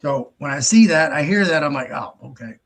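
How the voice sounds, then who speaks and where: A man's voice: a little high, expressive, fairly quick. A man hosting his own show in a casual, rambling monologue, blunt and heavy on profanity. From United States. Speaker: host.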